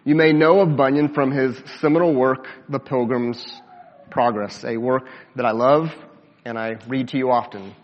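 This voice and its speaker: A man preaching a sermon as pastor, measured and deliberate, slowing down for emphasis and dropping low at the ends of phrases. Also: steady tone. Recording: dull sound with long hall reverb.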